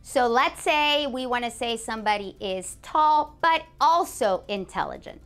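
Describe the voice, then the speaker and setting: A woman teaching a beginners' language lesson, a native Spanish speaker who says example phrases slowly and clearly and praises the learner. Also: fairly high pitch, fairly bright tone, soft background music. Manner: clear, slow modeling of example phrases, encouraging.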